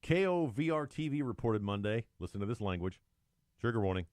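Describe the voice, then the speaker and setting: Animated, sarcastic male talk show co-host. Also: fairly low pitch, a little fast, dry recording, studio quality. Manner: animated, mocking, reads news aloud with sarcastic asides. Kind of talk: opinionated talk show chat.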